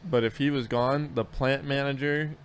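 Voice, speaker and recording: A man's voice: mid-range voice, fairly even intonation, moderate pace. Guy rambling thru work stories, swears a lot, bit of hiss behind. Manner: profane, rambling storyteller with many restarts. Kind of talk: casual chat.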